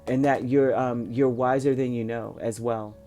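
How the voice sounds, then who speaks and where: A man with a mellow, dark-toned voice talks through a tarot reading in a loose, rambling way, reassuring his listeners and stopping to restart his sentences. Soft music plays faintly behind him. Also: mid-range voice, steady tone, normal speed. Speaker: tarot reader. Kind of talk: casual spoken tarot reading.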